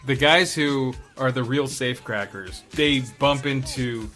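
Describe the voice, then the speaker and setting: Dude recapping a movie plot on a podcast, bright voice, easygoing, faint music. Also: male voice, mid-range voice, unhurried. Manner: relaxed, recaps plots, laughs along. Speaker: podcast co-host. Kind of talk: casual movie chat.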